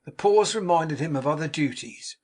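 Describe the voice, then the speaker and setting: A man narrating an audiobook of a classic novel in a measured, expressive way. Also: on the high side. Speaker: audiobook reader.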